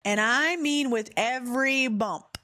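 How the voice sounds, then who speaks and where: A woman podcast host telling a candid, humorous personal story in an animated way. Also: fairly high pitch, takes it slowly, no room sound.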